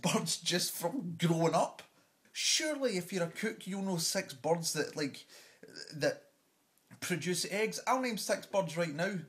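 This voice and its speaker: A man's voice: high voice, expressive, measured pace. Exasperated man ranting. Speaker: vlogger. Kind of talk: comic rant.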